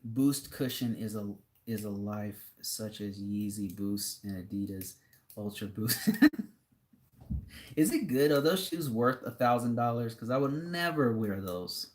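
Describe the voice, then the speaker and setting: A man's voice: fairly low pitch, animated, a little slow, a little hiss or hum. A young man streaming live, reading viewer comments aloud and chatting casually in a laid-back, rambling way with frequent laughs.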